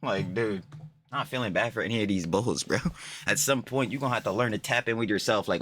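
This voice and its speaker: A man's voice: on the low side, fairly quick, fairly bright tone. A young man giving profane, mocking reaction commentary, ranting and laughing. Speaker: commentary YouTuber.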